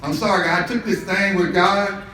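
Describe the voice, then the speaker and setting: A man's voice: high voice, fairly even intonation, normal speed, sharp tone. An American man giving a humorous speech as a motivational speaker. He tells stories with plenty of jokes and often laughs. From United States. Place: event hall with a live audience. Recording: echoey hall, noisy.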